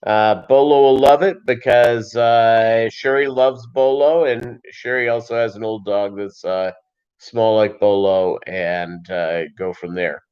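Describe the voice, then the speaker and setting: A man hosting a casual livestream, rambling with many fillers and pauses and reading chat comments aloud. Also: on the low side, steady tone, clean tone. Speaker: livestream host. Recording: dull lo-fi stream audio.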